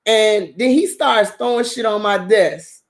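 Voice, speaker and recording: A woman host casually telling a story in a blunt, profane, animated way, with frequent laughter. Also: mid-range voice, unhurried. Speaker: drama channel host.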